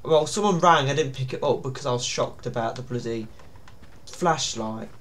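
A man's voice: mid-range voice, normal speed, fairly bright tone. A man giving nervous, jumpy commentary on a horror game, with sudden startled yelps. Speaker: gaming YouTuber.

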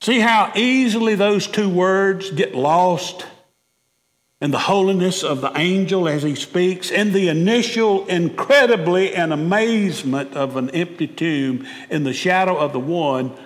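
A man's voice: high voice, measured pace. A male pastor preaching a sermon emphatically, repeating words and asking questions. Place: church sanctuary. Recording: long reverb of a church sanctuary.

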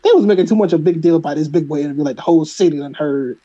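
A man's voice: on the high side, racing, mellow, dull audio. A man with a Philadelphia accent co-hosting a casual review chat, rambling with lots of restarts and fillers. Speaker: podcast co-host.

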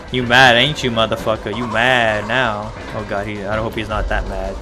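A man commentating his own gameplay, talking excitedly to the game and his audience and swearing freely. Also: on the low side, brisk, hardly any pauses. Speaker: let's play gamer. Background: game music.

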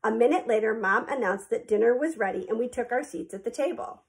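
A woman narrating a children's storybook in a clear, even storytelling manner. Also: on the high side, fairly quick. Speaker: audiobook reader.

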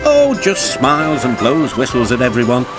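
A man voicing a kindly male engine driver in a children's cartoon, speaking in a warm, fatherly way. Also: medium pitch, wildly swooping pitch, moderate pace. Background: background music.

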